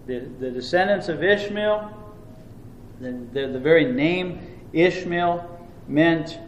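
A man's voice: a little high, takes it slowly, dull audio, slight background noise. Male pastor, middle-aged, emphatic repeating sermon delivery, roomy reverberant church sound, faint ambience. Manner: preaching with emphatic repetition and restarts; reads scripture aloud in old-fashioned wording.

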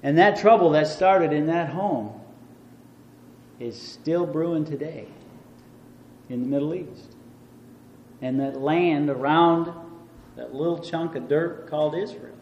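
A middle-aged male pastor preaches a sermon, reading scripture aloud in old-fashioned wording and stressing points through emphatic repetition. His voice is on the high side, slow, with frequent pauses. The audio is dull with slight background noise, recorded in an echoey church hall with faint ambience.

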